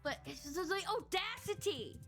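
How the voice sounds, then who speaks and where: A young woman co-hosting a podcast rants casually through exasperated customer service stories. Her very high voice is animated and fairly bright, moving at a moderate pace, with faint music behind her.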